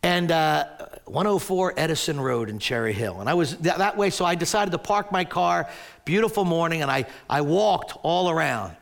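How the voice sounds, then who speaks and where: Older guy preaching, high voice with lots of gravel, keeps tripping over his words and restarting. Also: normal speed. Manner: animated storytelling with frequent stammered restarts. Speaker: pastor. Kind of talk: sermon.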